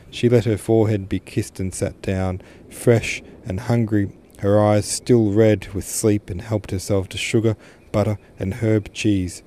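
A man reading a classic novel aloud as a podcast host, steady and unhurried. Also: on the low side, slight background noise. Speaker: podcast host, literature reader. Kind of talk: audiobook narration.

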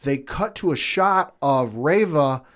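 A man co-hosting a casual podcast chat, retelling a TV episode with lively acted-out lines. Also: a little high. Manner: animated, acts out characters' lines in quick voices. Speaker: podcast co-host.

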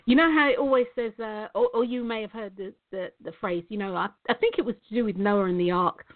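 A woman's voice: medium pitch, quick pace. A woman hosting a live online talk show, chatty and rambling, laughing often as she talks. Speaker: show host and coach. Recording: tinny phone-like line.

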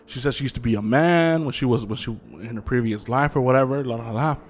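A podcast co-host tells ghost stories in a loose, animated way, swearing freely and performing the voices of the people involved. His voice sits at a medium pitch and he talks fast, keeping it casual and chatty.

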